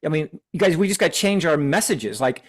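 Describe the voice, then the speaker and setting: A man's voice: on the high side, animated, brisk. A man co-leading a sales team meeting on a video call, giving an earnest, preachy pep talk with frequent restarts.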